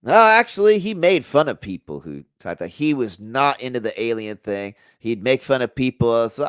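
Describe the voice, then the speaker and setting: A man being interviewed as a guest researcher in a casual chat. He talks in an animated, jokey way, trailing off and restarting his sentences. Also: mid-range voice, moderate pace, hardly any pauses, smooth, dry recording, studio quality.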